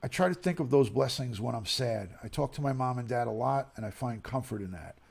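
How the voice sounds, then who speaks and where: A grieving middle-aged man from the United States, soft-spoken and near tears as he reads viewer messages on a livestream. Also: medium pitch, animated, creaky, slightly rough. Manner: soft-spoken, emotional, pauses and sighs. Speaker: streamer reading viewer messages. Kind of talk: emotional livestream reading.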